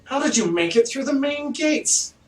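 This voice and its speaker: A man's voice: very high voice, animated, normal speed, faint music behind, voice pushed up. A man voicing a haughty, opulent male mayor who talks down to visitors, with an indignant, pompous manner. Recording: echoey room, distant mic, faint noise.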